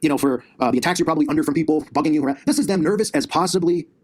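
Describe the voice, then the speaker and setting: A man's voice: fairly high pitch, racing, a little mellow, slightly rough. A man hosting his own commentary channel, ranting combatively and sarcastically, recorded on a laptop in his basement. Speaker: conspiracy commentary channel host. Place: home basement.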